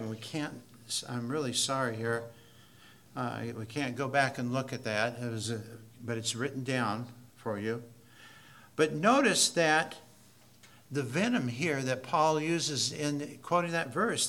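A man teaching a Bible study class, slow and deliberate, repeating key phrases with building emphasis. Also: mid-range voice, sharp tone.

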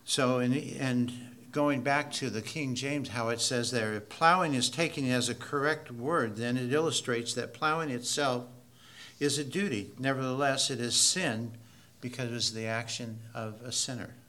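A man teaching a Bible study class, slow and deliberate, repeating key phrases with building emphasis. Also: mid-range voice, pushed and bright.

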